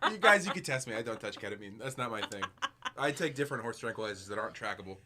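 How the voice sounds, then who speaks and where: A man's voice: fairly low pitch, animated, very fast, bright, forceful tone, a little hiss or hum. A man who is the game master of a tabletop podcast, chatting casually and making irreverent jokes. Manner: joking, irreverent. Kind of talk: casual chat.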